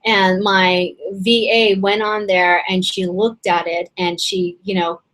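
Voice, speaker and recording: Chatty woman coach, voice going hoarse. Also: medium pitch, level tone, slow, fairly bright tone, rough recording. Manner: chatty, rambling, with many fillers and restarts. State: voice a little hoarse and strained. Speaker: business coach hosting a members' session. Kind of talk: casual webinar teaching.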